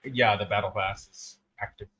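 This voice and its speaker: A man's voice: fairly low pitch, fairly even intonation, moderate pace, sharp tone. A man chatting casually and teasing others while he streams a game, laughing often. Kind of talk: casual live-stream chat while gaming.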